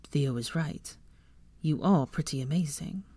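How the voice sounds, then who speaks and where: A woman doing a soft-spoken proud young man. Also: animated, unhurried, no room sound, exaggerated voice. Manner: low and soft.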